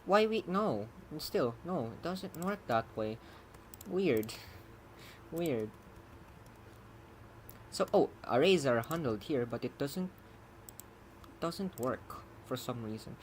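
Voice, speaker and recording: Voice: medium pitch, animated, slow pace, pauses often, a little hiss or hum. A programmer giving casual live-coding commentary, rambling, chuckling and muttering while debugging, with keyboard typing behind. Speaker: programmer streaming their own coding.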